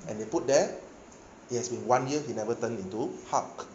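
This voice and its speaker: A man's voice: medium pitch, a little fast, darkish tone, highs cut off, a little hiss or hum. A male pastor giving a sermon, telling a story with animation and often checking in with his listeners. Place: church hall. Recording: echoey hall, faint ambience.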